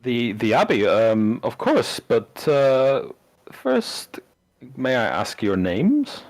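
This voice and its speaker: A man's voice: medium pitch, sing-song, slow, a little mellow. A man voicing a sheltered village woman who keeps stammering in wonder as she questions her strange guests. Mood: amazed, inquisitive.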